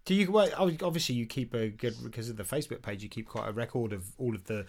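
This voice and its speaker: A man co-hosting a book podcast in casual chat, enthusiastic and quick to laugh. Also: medium pitch. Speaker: podcast co-host.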